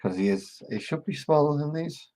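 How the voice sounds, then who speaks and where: A man's voice: on the high side, animated, moderate pace, warm tone, rough recording. A man casually chatting with his live-stream viewers while he paints miniatures, rambling and joking along the way.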